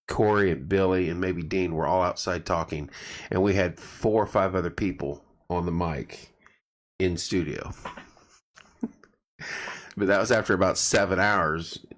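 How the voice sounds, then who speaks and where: Very low-voiced man, losing his voice. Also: measured pace, pauses often. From central Indiana. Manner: rambling, restarts, greets viewers by name. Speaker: live stream host. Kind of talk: casual live chat greeting viewers.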